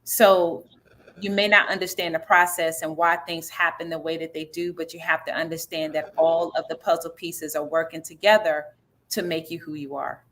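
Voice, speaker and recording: Woman author-director, interview guest, earnest and reflective, lower pitch, bright tone. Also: steady tone, moderate pace, slight background noise. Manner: earnest, reflective, faith-centered, frequent fillers. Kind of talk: conversational interview answers.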